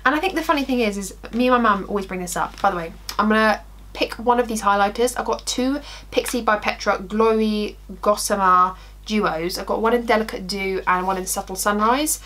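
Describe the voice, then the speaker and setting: A woman's voice: medium pitch, brisk. A woman in her twenties, a beauty vlogger chatting through a story while doing her makeup. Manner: animated storytelling, acting out quotes, laughing.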